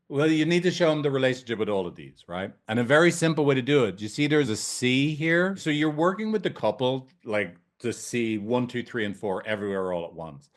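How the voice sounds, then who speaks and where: A man's voice: mid-range voice, animated, fairly quick, few pauses. A man, a couples therapist and trainer, teaching in a casual, blunt way, swearing freely and often checking in with "right?". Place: training room with whiteboard.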